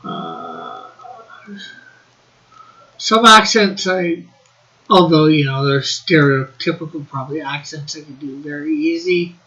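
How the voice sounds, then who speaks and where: Host, male, slightly high voice, slow and chatty, dull lo-fi sound. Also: big pitch swings, bright, forceful tone. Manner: chatty, laughs often, reads viewer comments aloud. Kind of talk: casual live-stream chat.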